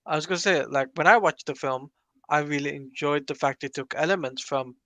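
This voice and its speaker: A man's voice: a little high, fairly even intonation, brisk, bright, forceful tone, no echo. Sleepy man, dry close voice. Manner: earnest, insists on his points about continuity. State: sleepy, yawning early in the morning. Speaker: podcast co-host. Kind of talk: casual discussion of a comic-book film.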